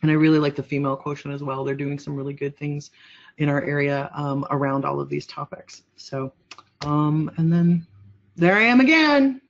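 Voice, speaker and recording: A woman's voice: low voice, normal speed, dull audio. A woman giving a casual webinar presentation and answering questions, chatty and rambling, with lots of fillers.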